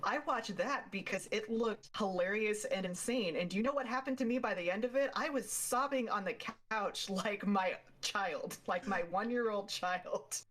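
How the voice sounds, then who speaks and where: Young female guest, casual chat, mid-pitched, easygoing and talkative. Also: moderate pace, hardly any pauses. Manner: relaxed, chatty, laughs easily.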